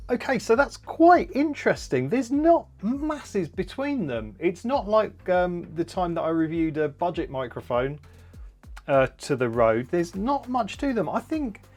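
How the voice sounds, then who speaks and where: A man talks through a gear review in an easy, rambling vlog manner, stopping on "um" and "uh" and starting sentences over. His voice sits somewhat high for a man, with a faint bed of music underneath. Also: darkish tone. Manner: rambling, with many fillers and restarts. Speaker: tech reviewer.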